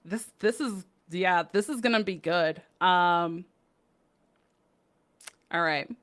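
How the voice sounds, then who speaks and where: A woman's voice: lowish voice, slow, a bit bright. A woman co-hosting a card game podcast in casual chat, upbeat and chatty with frequent laughs. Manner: upbeat and chatty, laughs often, many fillers. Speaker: podcast co-host.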